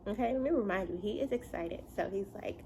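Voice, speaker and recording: A young adult woman telling a casual story at home, chatty and animated, often breaking into laughs. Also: mid-range voice, fast, gravelly, slight background noise, rough recording. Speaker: vlogger and mother.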